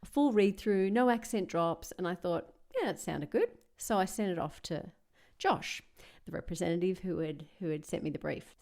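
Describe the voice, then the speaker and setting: Woman, podcast host, casual solo update, candid, chatty, reflective, mid-pitched voice. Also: dark tone. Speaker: podcast host and voice-over artist.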